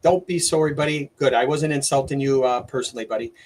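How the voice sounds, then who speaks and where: A middle-aged man, hosting a livestream and ranting excitedly, with lots of stumbles and restarts. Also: medium pitch, fast talker. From Canada. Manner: excitable, rambling rant with many restarts. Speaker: livestream host. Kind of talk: opinionated livestream commentary.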